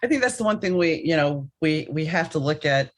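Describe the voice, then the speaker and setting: Woman podcast host, lowish voice, emphatic, direct, talks straight to listeners. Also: expressive, a little fast. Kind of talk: casual conversational interview.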